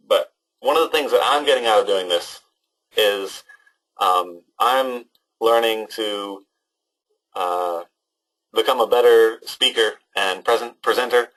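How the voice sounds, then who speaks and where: A young man runs a webinar for students, reading their questions and answering in a loose, unscripted way. He hesitates often, filling gaps with ums and starting sentences over. His voice sits a little low and comes through a computer microphone. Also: a bit bright, poor audio. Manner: hesitant, many ums and restarts. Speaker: online class instructor. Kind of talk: casual webinar talk to students.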